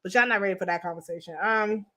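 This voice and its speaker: A woman's voice: medium pitch, fast, bright, forceful tone. A young woman hosting a livestream, chatting bluntly and profanely to her viewers. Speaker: livestream host. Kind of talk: casual livestream commentary.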